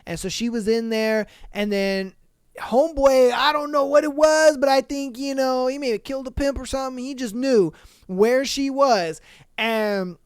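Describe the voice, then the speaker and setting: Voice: high-pitched, normal speed, clear, resonant tone, no room sound, clean studio sound. A podcast host casually recapping a story, rambling and slangy, cursing freely with many fillers and self-corrections.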